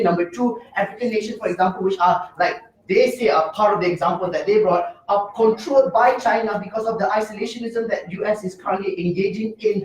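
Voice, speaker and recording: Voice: medium pitch, recorded from a distance. A young adult competitive debater giving an emphatic speech, rattling off numbered points and rebuttals. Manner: emphatic, heavy signposting, rapid rebuttals. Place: debate room. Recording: roomy echo, mic from afar.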